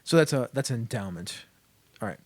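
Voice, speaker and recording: A man's voice: mid-range voice, lively intonation, normal speed, no echo. A man hosting a casual podcast chat, steering the talk from one topic to the next. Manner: guides the talk through a list of topics. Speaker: podcast host.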